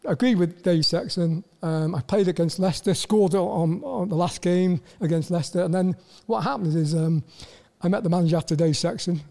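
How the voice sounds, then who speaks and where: An older man with a Welsh accent, telling stories as a guest in a casual interview, halting and repeating words with lots of "you know". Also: high voice, vocal fry, mellow. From Wales. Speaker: guest, former footballer.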